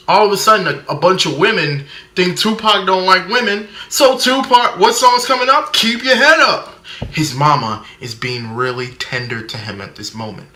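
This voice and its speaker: A man's voice: a little high, pushed and bright, roomy sound. A man doing a comedic movie review rant, sarcastic, mimicking people and shrieking a running punchline.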